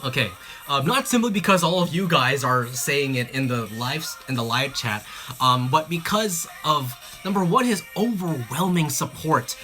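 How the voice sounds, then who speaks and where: A host casually commenting on a livestream, excitable and chatty, with many fillers and restarts. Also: mid-range voice, moderate pace. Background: faint background music.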